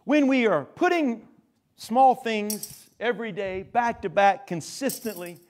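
A male pastor preaching a sermon to his congregation. He drops into conversational asides, then slows down and builds up key words for emphasis. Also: high-pitched, darkish tone, a little hiss or hum.

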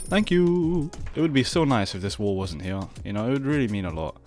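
A young man giving casual, sarcastic commentary on his own gameplay, just woken up and low on energy, tacking "bro" onto everything. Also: animated, fast, over music. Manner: sarcastic, exasperated, says "bro" constantly. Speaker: gaming video creator.

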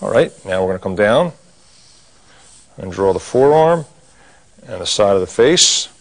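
A middle-aged man with a fairly low voice leads a cartoon drawing lesson, calmly narrating each stroke as he draws. His manner is folksy and he drops in corny gags along the way. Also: a little slow. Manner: folksy, corny jokes, talks while drawing. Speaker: drawing instructor.

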